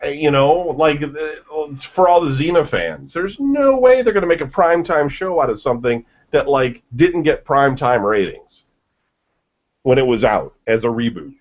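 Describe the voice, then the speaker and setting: A man's voice: on the high side, moderate pace. A man co-hosting a casual gaming news radio show, ranting with strong opinions and frequent swearing. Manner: opinionated, swearing, animated rants. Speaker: podcast co-host. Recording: lo-fi muffled audio.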